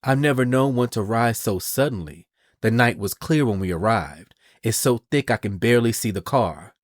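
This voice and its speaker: A man's voice: medium pitch, lively intonation, normal speed, no room sound, studio quality, lightly acted. A man reading as a taunting woman assassin. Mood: menacing. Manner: cool, taunting. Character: armed woman assassin, sly and menacing.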